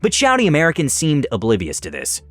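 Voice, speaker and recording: A man narrating online stories in an animated, scripted way. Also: on the high side, fast, faint music behind. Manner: animated storytelling.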